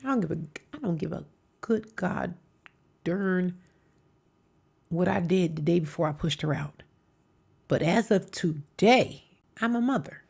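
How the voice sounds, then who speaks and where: A woman hosting a live stream, telling a story with emphasis and sometimes dropping into hushed whispers. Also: lowish voice, expressive, a little slow, creaky, pauses often, husky. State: coughing at times. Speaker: stream host reacting to videos. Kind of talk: casual storytelling commentary.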